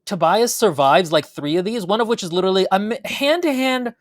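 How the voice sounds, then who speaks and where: A woman's voice: mid-range voice, animated, brisk, no echo. A woman co-hosting a book review podcast, giving sarcastic, dry commentary in casual chat. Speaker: podcast co-host.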